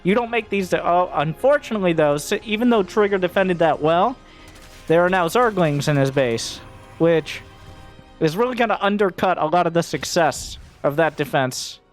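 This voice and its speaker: Casting note: high-pitched male esports caster, playful and jokey, faint music underneath. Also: normal speed. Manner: jokey, gets loud and excited at big plays. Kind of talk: game commentary.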